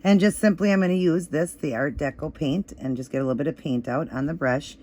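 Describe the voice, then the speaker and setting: Slightly hoarse woman giving chatty instructions. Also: sits low, brisk, warm tone. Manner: chatty, easygoing instructions with fillers. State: slightly hoarse, voice still crackly. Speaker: nail art vlogger. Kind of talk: casual step-by-step tutorial.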